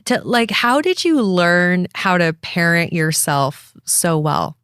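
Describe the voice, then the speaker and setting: A woman's voice: fairly low pitch, sing-song, slow pace, fairly bright tone, clean tone, no echo, clean studio sound. A woman hosting a podcast, speaking in an affirming way and asking reflective questions. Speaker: podcast host. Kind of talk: supportive interview conversation.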